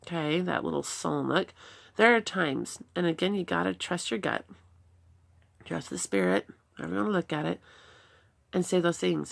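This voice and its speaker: Gravelly earnest mom giving advice. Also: female voice, fairly low pitch, animated, normal speed, pauses often. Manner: earnest, reflective, demonstrates gentle replies. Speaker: parenting talk host. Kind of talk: personal advice talk.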